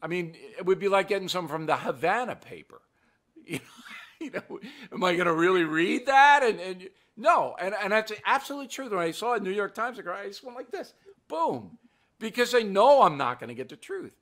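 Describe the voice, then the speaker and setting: Older male host, bright and animated, blunt and mocking delivery. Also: sits high, fairly quick. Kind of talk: political commentary show.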